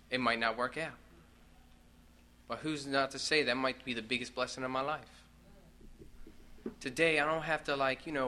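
A man's voice: mid-range voice, pushed and bright. A man giving a casual, personal share at a recovery meeting, swearing now and then and padding his talk with "like" and "you know.". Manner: casual, profane, full of fillers. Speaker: speaker sharing at a recovery meeting.

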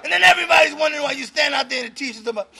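High, gravelly middle-aged man preaching recovery. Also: rapid-fire. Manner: exhorting, shouting to the room, breaking into laughter. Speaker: speaker at a recovery meeting. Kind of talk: fiery preaching-style recovery talk.

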